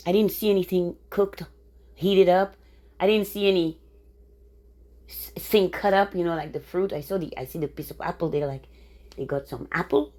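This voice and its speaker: A woman's voice: on the low side, darkish tone. A woman from the Caribbean with a Caribbean accent, talking casually and rambling, laughing often and restarting her sentences. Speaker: vlogger. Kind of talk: casual monologue.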